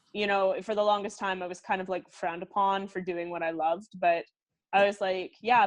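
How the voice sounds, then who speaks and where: A woman in her thirties with a Canadian accent, a singer chatting freely as an interview guest, laughing often and filling with "like". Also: fairly low pitch. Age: 30s. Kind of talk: casual interview chat.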